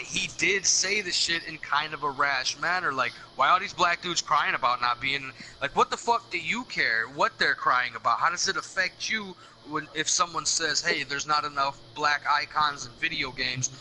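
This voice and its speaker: A man's voice: fairly high pitch, poor audio. A man hosting a casual podcast chat, talking bluntly and emphatically with plenty of swearing. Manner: blunt, profane and emphatic, ranting. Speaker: podcast host. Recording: loud background noise.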